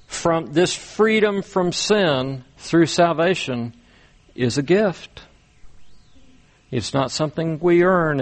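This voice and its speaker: A man delivering a sermon at an unhurried, measured pace, pausing often and repeating words for emphasis. His voice sits slightly higher than most men's. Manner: slow, deliberate preaching with many pauses and repeated words. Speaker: pastor.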